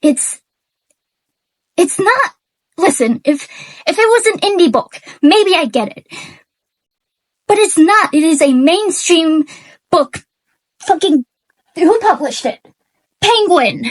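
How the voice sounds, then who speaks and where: A book reviewer with a very high voice and lively intonation rants in an unscripted vlog, angry and close to tears. She stammers and keeps restarting sentences, and the audio is poor because her mic is unplugged.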